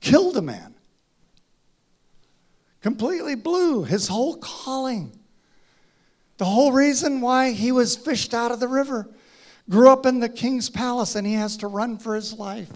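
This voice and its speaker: A man preaching a sermon, acting out dialogue in a dramatic voice that drops to a hush and rises to a shout. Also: extremely high pitch, lively intonation, unhurried, pauses often. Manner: dramatic, acts out voices, swings from hushed to shouting. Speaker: pastor.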